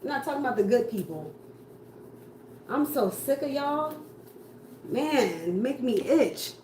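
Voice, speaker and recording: A tarot reader's high, animated voice has a darkish tone and moves a little slowly. She curses bluntly, ranting about the cards and firing off rhetorical questions in a casual reading. The room echoes with faint noise.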